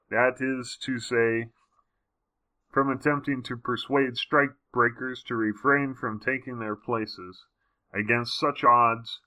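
A man's voice: medium pitch, pushed and bright. A man reading a history book aloud, breaking off for wry, casual comments. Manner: wry asides between passages.

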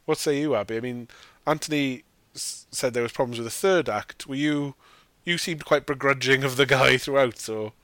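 A man speaks at normal speed in a medium-pitched, somewhat bright voice, with no room sound. As a podcast host giving a casual film review, he swears often, mimics the characters in mocking quotes, and laughs as he talks.

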